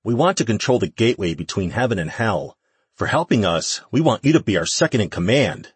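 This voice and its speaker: A man reading the part of an eager young man who schemes to summon a demon, in a low, husky voice. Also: big pitch swings, fairly quick, no echo, exaggerated voice. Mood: earnest.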